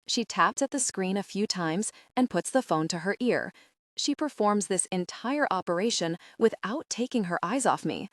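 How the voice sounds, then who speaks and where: A woman narrating a young adult audiobook in the first person, steady and even. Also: medium pitch, moderate pace, dry recording, clean studio sound.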